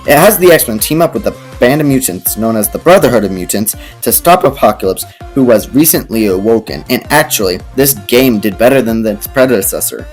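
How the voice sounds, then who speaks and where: A man's voice: medium pitch, lively intonation, fairly quick, hardly any pauses, faint music behind. Sarcastic man reviewing games. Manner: dry, sarcastic asides. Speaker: game reviewer narrating. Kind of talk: comedic video narration.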